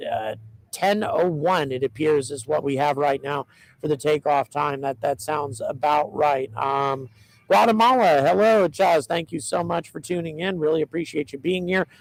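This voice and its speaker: A man hosts a livestream in an eager, casual way, greeting viewers and thanking supporters between frequent ums and uhs. His voice is somewhat high for a man and gravelly. The sound is dry and close, with no room echo. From United States. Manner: reads out viewer locations and thanks donors. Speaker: livestream host.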